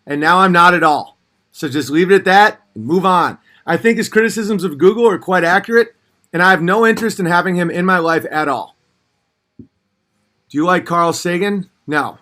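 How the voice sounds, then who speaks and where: A high-pitched man hosts a casual livestream, reading out viewer comments and answering them bluntly, profanely, and animatedly, sometimes rising to shouting.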